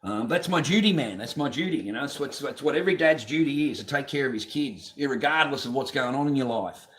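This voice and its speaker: A man's voice: medium pitch, expressive, fast talker, a bit bright. A man hosting a live stream from his garage on a phone camera, talking casually in a blunt, profane, ranting way. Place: home garage.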